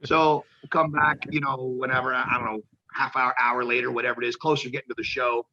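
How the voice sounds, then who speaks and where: A man at an ordinary pitch with a gravelly, bright edge, telling stories as an interview guest. He acts out the people he quotes and swears casually. The audio sounds dull and lo-fi. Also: little pitch movement, quick pace, few pauses. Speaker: guest, professional wrestler.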